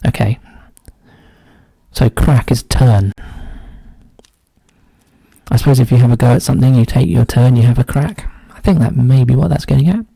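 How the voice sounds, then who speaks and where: A man with a dark, gravelly voice talks himself through a crossword. He often trails into a quiet mutter. The sound is dry and close, with no room echo. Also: mid-range voice, normal speed, long pauses. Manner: muses aloud, often drops to a quiet mutter. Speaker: crossword solver. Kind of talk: casual solo puzzle-solving commentary.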